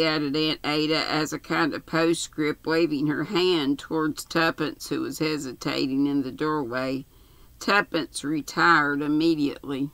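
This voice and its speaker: Older woman storyteller, deliberate pace, dry close sound. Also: low voice, little pitch movement, fairly bright tone, no room sound, poor audio. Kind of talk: reading a novel aloud.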